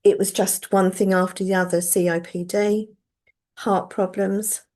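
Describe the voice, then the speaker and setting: A woman's voice: mid-range voice, flat delivery, unhurried, darkish tone. A woman in her sixties sharing personal struggles in a healing session, hesitant and emotional, with many ums. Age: 60s. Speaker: session participant.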